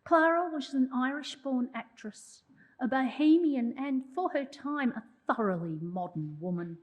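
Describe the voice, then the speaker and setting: A woman's voice: high voice, animated, measured pace, poor audio. A woman, a journalism historian delivering a prepared public lecture with wry asides to the audience. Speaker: journalism historian giving an oration.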